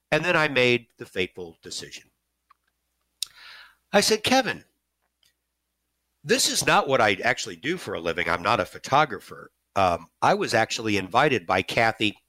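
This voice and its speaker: Middle-aged male storyteller, lively and bright, dry close sound. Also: dry recording. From St. Louis area, USA. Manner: animated, self-mocking, jumps high when excited. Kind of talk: casual personal storytelling.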